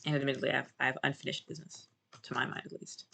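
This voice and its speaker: Bright, gravelly-voiced man rambling to chat. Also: medium pitch, level tone, very fast, slight background noise. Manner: rambling, self-correcting, musing aloud to chat. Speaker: streamer playing a game. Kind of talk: casual live-stream commentary.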